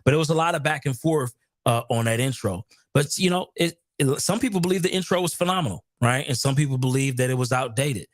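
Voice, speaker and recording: An energetic man hosts a live stream in a chatty way and often repeats his phrases. The sound is dry and close, with no room around his mid-pitched voice. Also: fast talker, no echo. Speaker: host.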